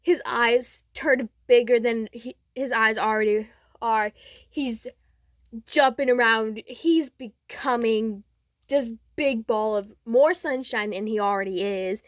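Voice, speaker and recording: A woman's voice: fairly high pitch, slow, no echo, clean studio sound. Rambling young woman telling a fan story. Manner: rambling, many fillers and restarts. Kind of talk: casual second-person fan story.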